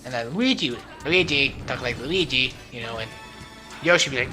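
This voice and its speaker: A young man rambles through casual gaming commentary at home, joking and laughing as he wanders off topic. His voice is bright and a little tense, and his pitch jumps around a lot. Faint game music plays behind him. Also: animated, a little fast. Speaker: let's play host. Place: at home, not alone.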